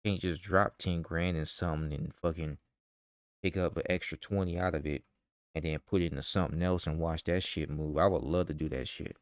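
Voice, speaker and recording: Deep-voiced man ranting, heated and profane. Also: steady tone, a little fast, dry recording, clean studio sound. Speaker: vlogger. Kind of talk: ranting commentary.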